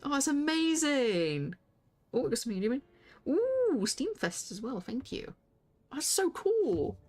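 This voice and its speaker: A woman streaming a game live, excitable and gushing, laughing often. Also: high voice, a little slow.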